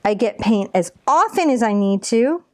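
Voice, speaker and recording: A woman's voice: a little high, animated, normal speed, no room sound, studio quality. Chatty encouraging woman painting teacher. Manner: chatty and encouraging, talks through each brush stroke. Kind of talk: step-by-step painting tutorial.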